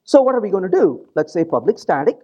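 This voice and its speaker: Animated, joking male conference presenter. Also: sits high, fast, dull audio. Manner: animated, joking, keeps asking the audience "right?". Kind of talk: live technical conference talk.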